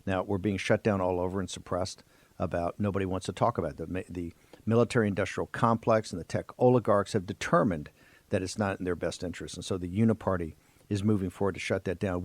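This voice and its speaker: Low-voiced, emphatic talk radio host. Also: male voice, fairly even intonation, fast, dry recording. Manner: emphatic, sweeping oratory. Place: studio.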